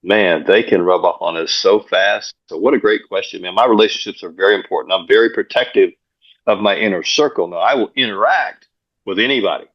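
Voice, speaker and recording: A man, a pastor and coach, guesting on an interview show and telling stories in an energetic way, often repeating words as he goes. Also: fairly low pitch, brisk, breathy edge. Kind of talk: casual interview storytelling. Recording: dull lo-fi sound.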